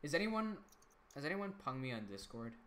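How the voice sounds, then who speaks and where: A man's voice: fairly high pitch, very animated, moderate pace, background noise. A young man hosting a casual livestream, chatting loosely, reading out viewer comments and restarting his sentences often. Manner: chatty, reads out chat comments, frequent restarts. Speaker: livestream host and animator.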